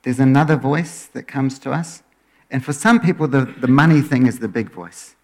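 Relaxed male pastor preaching. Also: medium pitch, normal speed. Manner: relaxed, often trails off quieter at phrase ends. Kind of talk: conversational sermon.

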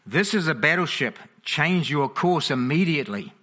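Man reading a bossy ship's captain, bright, emphatic orders. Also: fairly high pitch, expressive, normal speed. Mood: commanding. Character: stern male battleship captain, commanding.

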